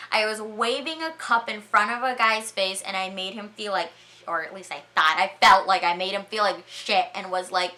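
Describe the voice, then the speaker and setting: A young woman vlogger telling embarrassing stories in a chatty, animated way, full of "like" and "all right?" asides. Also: medium pitch, moderate pace. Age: young adult. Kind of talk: storytime vlog.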